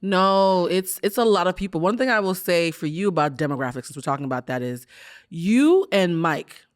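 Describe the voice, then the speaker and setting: A woman hosting a podcast, telling stories in a lively, casual way with quick asides. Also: fairly low pitch. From United States. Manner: fast, animated storytelling with quick asides. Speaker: podcast host. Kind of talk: casual storytelling chat.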